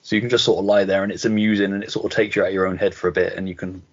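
A man's voice: sits low, little pitch movement, very fast, highs cut off. A man co-hosting a podcast over a video call, chatting candidly, swearing and laughing through his stories. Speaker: podcast co-host.

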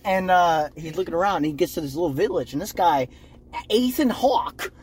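A man's voice: on the high side, quick pace, breathy edge. A young man co-hosting a podcast, chatting casually and swearing freely as he recaps scenes. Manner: profane, acts out scenes with quoted voices. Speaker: podcast co-host. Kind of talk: casual chat.

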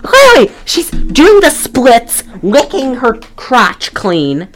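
A woman's voice: high voice, wildly swooping pitch, slow pace. A woman co-hosting a podcast in casual chat, blunt and exasperated, rambling with many restarts. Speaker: podcast co-host.

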